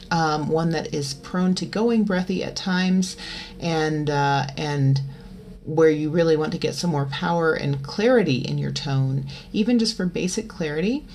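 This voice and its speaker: A woman giving a vocal lesson, explaining in a relaxed, chatty way and breaking into loud twangy sung demonstrations. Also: fairly low pitch, slight background noise. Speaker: voice teacher.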